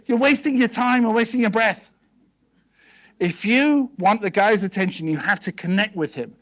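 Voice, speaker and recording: A man giving a seminar talk to a live audience, asking them quick questions and checking in with "okay" and "yes?" as he goes. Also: high-pitched. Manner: conversational, peppered with "okay" and "yes?". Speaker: seminar speaker.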